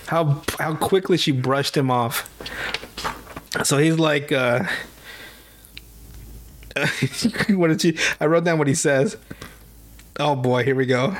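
A man with a somewhat high voice casually recaps a TV episode on a podcast. He rambles and swears freely, often slipping into mock voices for the characters' lines. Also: slow pace, pauses often. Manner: rambling, profane, acts out quotes in mock voices. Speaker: podcast co-host. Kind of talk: casual chat recapping a show.

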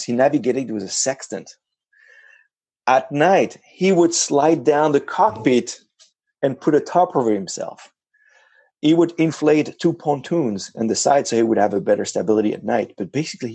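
A man being interviewed about his ocean kayak crossing, talking casually in an animated way, with frequent restarts and self-corrections. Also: medium pitch, brisk, gravelly, breathy edge, no echo.

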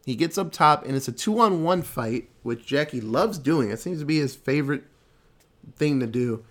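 A man casually recapping a movie plot in a loose, animated way, with lots of fillers and some swearing. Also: on the high side, moderate pace.

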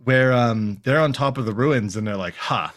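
In a mid-range voice at a moderate pace, a man co-hosting a podcast walks through a cartoon episode in a relaxed way. He cracks jokes and performs the dialogue in exaggerated, silly voices.

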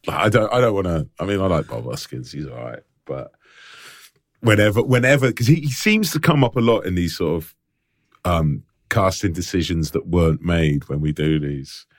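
Man, podcast co-host, deep voice, rambling casual chat, dry close sound. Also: expressive, moderate pace, no echo. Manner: chatty, rambling, laughs often.

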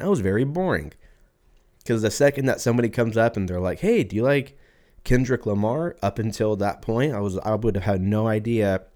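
Chill guy with a lowish voice rambling through a story on his podcast, swears a lot. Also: dark tone. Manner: profane, rambling, acts out voices in anecdotes. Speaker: podcast host. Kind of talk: casual storytelling monologue.

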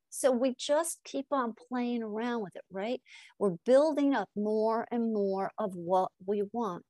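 An animated middle-aged woman with a fairly high voice, speaking as a guest on a podcast interview. She tells her stories with energy, acts out the dialogue herself and tags her points with a quick "right?". The recording is dry and close, with no room sound. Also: no echo. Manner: animated storyteller acting out dialogue, frequent "right?". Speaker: hypnotist guest.

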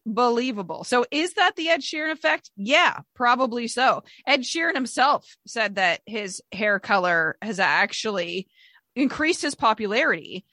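A woman from Ontario co-hosting a podcast, quick and teasing in casual chat. Her voice is bright and forceful and sounds close and dry, with no room around it. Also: fairly high pitch, no echo. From Ontario, Canada. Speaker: podcast co-host.

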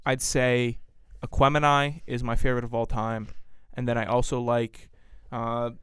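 A man's voice: medium pitch, level tone, moderate pace, a bit bright, smooth, no room sound, clean studio sound. Easygoing young male host. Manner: easygoing, joking, stumbles into repeats. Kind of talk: casual chat. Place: small studio room.

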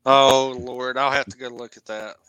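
Male co-host, Southern American accent, bright and smooth, blunt, dry close mic. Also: mid-range voice, steady tone, normal speed, dry recording, low-quality recording. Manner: blunt, thoughtful, exclaims often. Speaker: podcast co-host. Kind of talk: casual movie review chat.

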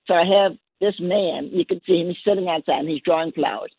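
Woman guest, husky voice, halting storytelling, tinny dry phone line. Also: on the low side, no room sound. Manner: halting, repeats words while telling a gentle story. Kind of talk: storytelling on a call-in show.

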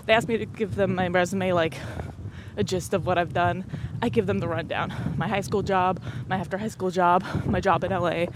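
A woman's voice: fairly low pitch, fairly even intonation, brisk, noisy background. A young woman in her twenties hosting a podcast in a rambling casual chat, laughing often and a bit out of breath. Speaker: podcast host.

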